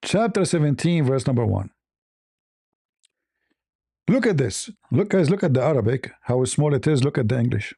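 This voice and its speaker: A man's voice: medium pitch, sing-song, moderate pace, creaky, long pauses, warm tone, slightly rough, no echo, clean studio sound. A man giving mocking, combative commentary as a debater. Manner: combative, sarcastic. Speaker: online debater.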